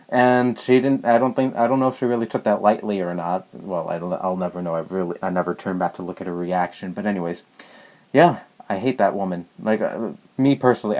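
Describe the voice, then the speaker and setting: A man's voice: on the low side, fast talker, darkish tone. Exasperated young man ranting. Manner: exasperated, rambling, many restarts and fillers. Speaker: vlogger. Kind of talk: ranting personal story to camera.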